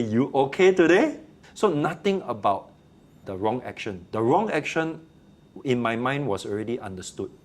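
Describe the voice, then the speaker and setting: A man with a Singaporean accent, a teacher telling classroom stories in a casual interview and acting out the quotes. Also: on the low side. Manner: animated storyteller, acts out quotes.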